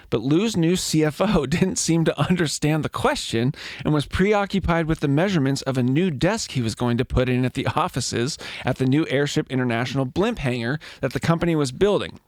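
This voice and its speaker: A man hosts a loose comedy podcast, working through his research notes and breaking off for playful jokes. His voice sits a little high for a man, and the sound is dry and close to the mic. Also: expressive, a little fast, hardly any pauses, no echo. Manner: reads research notes aloud, playful asides. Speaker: podcast host. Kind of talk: casual comedic podcast chat.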